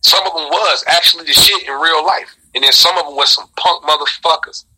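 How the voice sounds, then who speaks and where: A middle-aged man, a rapper, telling a story in a casual interview, animated and profane, jumping into high shouts when he reenacts what people said. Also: brisk, very noisy.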